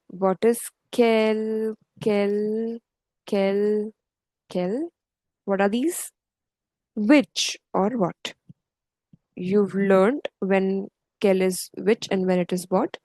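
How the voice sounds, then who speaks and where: A woman leads an online language lesson on French grammar, patiently going step by step and often checking in with "okay." Her medium-pitched, dark voice has fairly even intonation and is very slow, pausing often. The recording is dry and rough.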